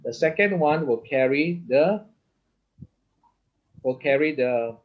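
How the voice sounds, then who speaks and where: A man teaches a lesson on Hebrew vowel points, explaining step by step with many restarts and constantly checking in with "okay?" and "right?". His fairly high voice is animated and slow-paced, on slightly dull lo-fi audio.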